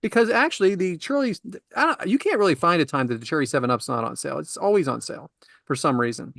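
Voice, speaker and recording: A man hosting a casual podcast, telling stories in an animated, ranting way and laughing often. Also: fairly high pitch, fast, creaky, no echo, studio quality. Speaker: podcast host.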